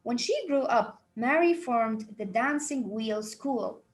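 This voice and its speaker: A woman teacher, giving a lively lesson and answering her own questions. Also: fairly high pitch, takes it slowly. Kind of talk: classroom lesson.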